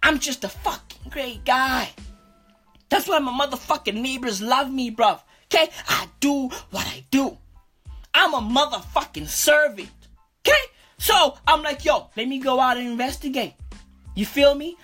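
A woman's voice: sits high, expressive, normal speed, fairly bright tone, slightly rough, faint music behind, heavily acted. A woman playing a boastful, foul-mouthed male street bro who talks in cursing slang and keeps saying "bruv", in a comedic character monologue.

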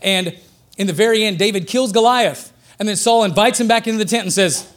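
A man preaching a sermon with a notably high voice. He talks in a relaxed, joking way and builds up excitedly when he drives a point home. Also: brisk. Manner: conversational and joking, rising excitedly for emphasis.

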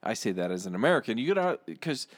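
A man's voice: mid-range voice, sing-song, fast talker, dry recording, studio quality. A man co-hosting a podcast, talking in a casual, rambling way. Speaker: podcast co-host.

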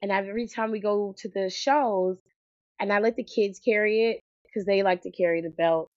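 A woman's voice: mid-range voice, steady tone, moderate pace, darkish tone, no room sound. A woman co-hosting a podcast in casual chat, enthusiastic and rambling. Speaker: podcast co-host. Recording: dull, dry recording.

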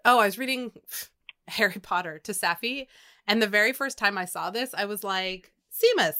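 A woman co-hosting a podcast with a mid-pitched voice. She tells stories in an animated way and laughs at herself. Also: moderate pace. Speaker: podcast co-host. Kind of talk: casual chat.

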